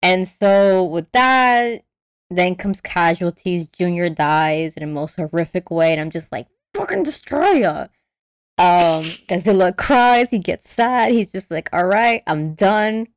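Animated woman recapping a film, swearing. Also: lowish voice, measured pace, clear, resonant tone, no room sound. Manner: animated, acts out characters' lines, swears freely. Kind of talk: casual chat, retelling a film plot.

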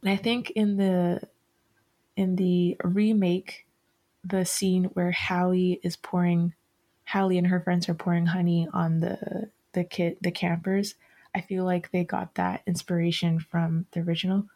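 Woman podcast host, slow and meandering, lots of fillers and restarts. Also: on the low side, flat delivery, mellow. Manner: rambling, self-correcting, many fillers. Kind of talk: casual chat.

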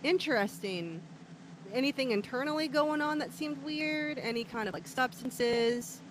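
A woman's voice: sits high, animated, unhurried, noisy background. A woman hosting a mock true-crime podcast, chatty, with stumbling phrasing and frequent giggles. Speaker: host.

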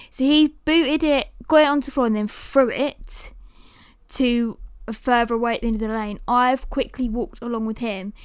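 A woman hosting a podcast, telling a story in a lively, animated way and sometimes cooing at her dog. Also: fairly high pitch, clean tone, no echo, clean studio sound. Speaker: podcast host.

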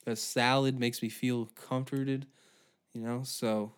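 A man's voice: mid-range voice, level tone, takes it slowly, smooth. A man hosting a podcast, ranting through a sarcastic, profane comedic monologue. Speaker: podcast host.

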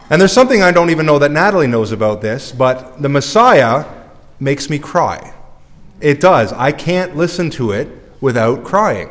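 A man's voice: a little high, very animated, normal speed, long reverb tail. A male priest preaching a sermon in a conversational, self-deprecating way, recorded in a church.

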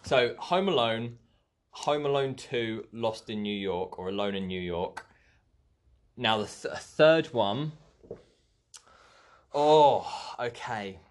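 A man playing along as a contestant in a casual film quiz, excitable and quick to exclaim loudly. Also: mid-range voice. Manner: excitable, bursts into loud exclamations.

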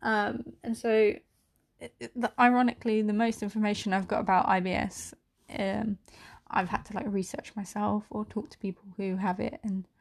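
A young woman hosts a solo podcast, her medium-pitched voice level in tone, creaky, and at a normal speed. She rambles candidly and emotionally, full of "like" fillers and the odd swear word, her voice near tears at times.

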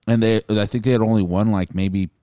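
Brief: young male podcast co-host, low smooth voice, dry close sound, rambling and profane. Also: fairly even intonation, brisk, dark tone, dry recording. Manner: rambling, swears freely, many restarts. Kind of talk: casual chat.

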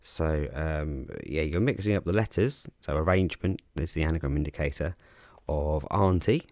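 A man casually explaining crossword clues as a podcast host, relaxed and chatty with frequent ums and restarts. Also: extremely low pitch, normal speed, no echo.

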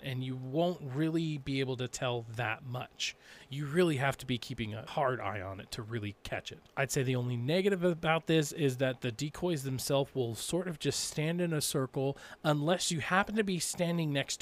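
A man co-hosting a gaming podcast, chatting casually and joking, then walking through a game character's abilities. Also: on the high side. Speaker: podcast co-host.

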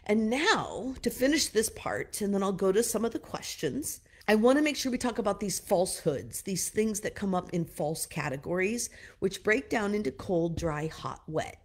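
A woman giving a casual teaching talk, loose and chatty, full of "you know" and "like", giving gentle direct advice to her listeners. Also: medium pitch, lively intonation, moderate pace, hardly any pauses. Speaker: wellness teacher.

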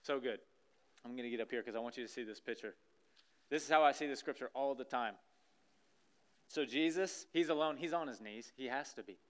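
A man at mid pitch preaches a church sermon with a smooth, resonant voice. He talks animatedly and acts out the scenes he describes. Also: a little fast, pauses often. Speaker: pastor. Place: church sanctuary stage.

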